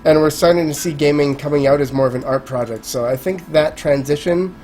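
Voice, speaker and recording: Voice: mid-range voice, a little fast, a little mellow, a little hiss or hum. A Canadian co-host of a game show, chatting in an upbeat, reactive way about indie development. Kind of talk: casual interview chat.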